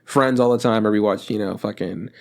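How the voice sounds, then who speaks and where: A man's voice: lowish voice, fairly quick, vocal fry. A man co-hosting a podcast in casual chat, rambling with lots of fillers, restarts and swearing. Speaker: podcast co-host.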